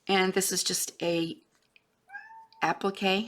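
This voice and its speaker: This Florida woman, a craft vlogger, has a fairly low, gravelly voice with a crisp, bright tone and an unhurried pace. Her casual show-and-tell is chatty and rambling; she trails off, starts again, and at times lowers to a whisper.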